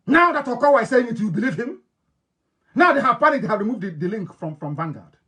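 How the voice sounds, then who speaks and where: High-voiced Nigerian man, impassioned. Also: animated, fast talker. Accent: Nigerian, Igbo-influenced English. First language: Igbo. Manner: emphatic and repetitive, swinging between loud declarations and low intense tones. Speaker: political leader broadcasting to followers. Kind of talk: impassioned radio address.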